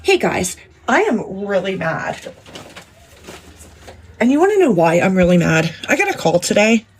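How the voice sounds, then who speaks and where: A woman's voice: medium pitch, very animated, a little slow, slight background noise. A woman complaining indignantly to her viewers in a casual phone video. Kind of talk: casual social media rant.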